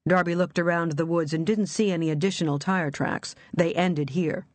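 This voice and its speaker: A woman narrating an audiobook in a measured, even reading. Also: on the low side, no echo.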